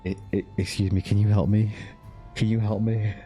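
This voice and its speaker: A man's voice: lowish voice, flat delivery, normal speed, mellow, soft background music, natural voice. A man voicing a flustered, helpless Western tourist who is lost, pleading and repeating himself. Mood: panicky.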